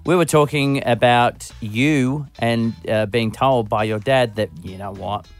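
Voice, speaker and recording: A man's voice: medium pitch, a little slow, faint music behind. A man with an Australian accent co-hosting a radio show, trading dry jokes. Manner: dry, joking quips. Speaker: radio co-host. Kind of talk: casual radio banter.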